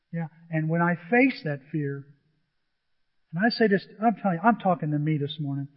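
A man's voice: fairly high pitch, brisk. A middle-aged man preaching a sermon, earnest and emphatic, often repeating his point. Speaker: pastor. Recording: tinny phone-like sound.

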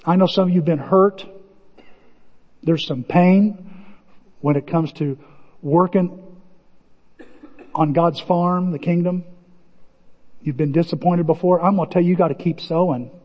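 A male pastor preaching a storytelling sermon, conversational and animated, acting out bits of dialogue. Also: on the high side, unhurried, long pauses. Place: church sanctuary. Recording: dull lo-fi church hall recording.

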